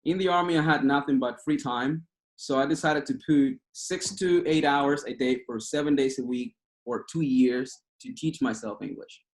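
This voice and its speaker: A man from Cuba speaks English with a Cuban Spanish accent, his first language being Spanish. He talks casually and passionately, often restarting his sentences, in a voice of ordinary pitch. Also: moderate pace. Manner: passionate, rambling, with frequent restarts. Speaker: guest speaker. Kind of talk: casual talk over a video call.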